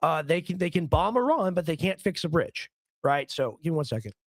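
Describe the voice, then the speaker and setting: A hoarse man hosting a live political stream, ranting in a rambling, heated way and often repeating his words. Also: on the high side, very animated, a little fast, dry recording. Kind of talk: casual ranting commentary stream.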